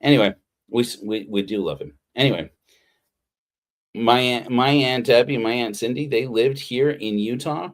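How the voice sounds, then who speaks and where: A man preaching a casual, heartfelt sermon on a livestream, rambling with frequent restarts. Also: fairly low pitch. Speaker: pastor. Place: Utah.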